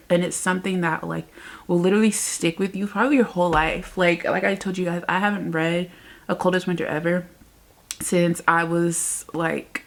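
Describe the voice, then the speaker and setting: Her voice lowish and marked by vocal fry, a woman vlogger rambles emotionally about a book she recently finished. She keeps it casual and laughs in exasperation again and again.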